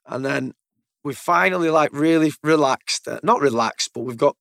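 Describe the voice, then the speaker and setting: A man's voice: on the high side, moderate pace, gravelly, fairly bright tone, dry recording, studio quality. A man, a military veteran, telling stories casually in a conversation, blunt and swearing freely. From United Kingdom. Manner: blunt, swears freely, repeats words as he goes.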